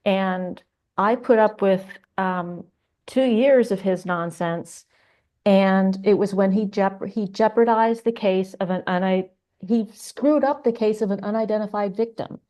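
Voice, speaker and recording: A woman's voice: mid-range voice, a little slow, dark tone. Earnest woman, forensic artist guest. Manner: earnest and indignant, restarts often. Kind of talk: casual interview.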